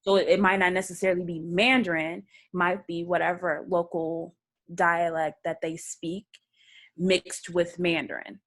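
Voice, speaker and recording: A woman guest in a casual video interview, relaxed and laughing often, correcting herself as she talks. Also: lowish voice, moderate pace. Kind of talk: casual video-call chat. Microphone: video call.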